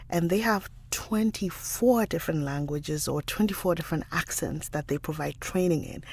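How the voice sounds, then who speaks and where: A woman's voice: low voice, gravelly. A woman hosting a casual livestream who chats and greets her viewers by name, speaking into a studio mic. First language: not an American English speaker. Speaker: livestream host and audiobook narrator. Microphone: studio side-address mic.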